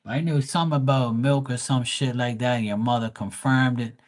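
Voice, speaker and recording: A man chats loosely while telling a story, a psychic reader on a livestream. He swears freely and rambles, often breaking off and restarting his sentences. His voice sits at an everyday middle pitch. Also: steady tone, brisk. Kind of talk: casual storytelling.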